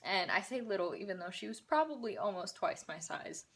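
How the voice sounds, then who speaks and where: A young woman vlogger telling a storytime in a casual, animated, sarcastic way, a bit out of breath. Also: mid-range voice, brisk.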